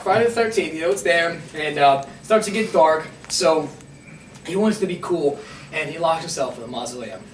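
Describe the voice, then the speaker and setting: A man's voice: on the high side, normal speed, slight background noise. A man telling a story casually to friends, laughing through his words and swearing freely. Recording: echoey room, far from mic, chatter around.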